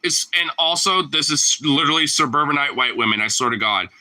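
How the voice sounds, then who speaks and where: A man talking in a casual, rambling monologue, slangy and profane and full of fillers, moving between loud outbursts and low mutters. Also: animated, brisk, rough recording.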